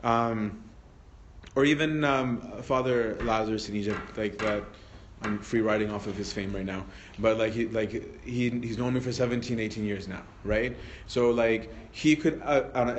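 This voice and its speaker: A man's voice: medium pitch, a little hiss or hum. Man teaching, checking in with "right?". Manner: peppers sentences with tag questions and restarts. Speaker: priest teaching a Bible study. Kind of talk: conversational teaching talk.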